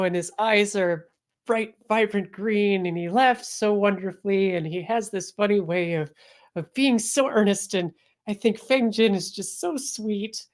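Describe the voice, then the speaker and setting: Woman putting on a bashful smitten young woman, squeals high when excited. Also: natural voice. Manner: squealing, breathless gushing.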